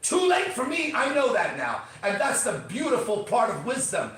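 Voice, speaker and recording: A man hosting a podcast, ranting with intensity and swearing, swinging between shouts and low murmurs. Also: huge pitch swings, moderate pace, few pauses, distant mic, faint music behind. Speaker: podcast host. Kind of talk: fiery motivational podcast rant. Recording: echoey room, voice from off mic.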